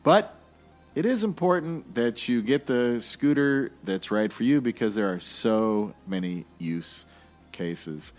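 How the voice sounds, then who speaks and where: A man's voice: mid-range voice, lively intonation, slow pace, darkish tone, soft background music. A man hosting a podcast alone, talking in a casual, jokey and rambling way. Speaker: podcast host.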